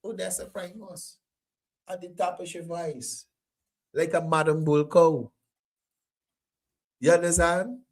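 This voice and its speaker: Animated male talk host. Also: fairly high pitch, slow pace, pauses often. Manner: animated, repeats phrases, creole grammar. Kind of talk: call-in talk show commentary.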